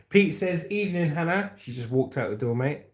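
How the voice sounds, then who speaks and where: An English man with a mid-range voice and lively intonation speaks a little slowly. He's hosting a livestream, reading news aloud and chatting and joking about viewers' comments.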